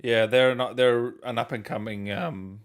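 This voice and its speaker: A man, hosting a casual interview in a relaxed, easygoing way. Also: medium pitch, a little slow. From Australia. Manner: relaxed, easygoing, laughs along. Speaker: host, interviewer.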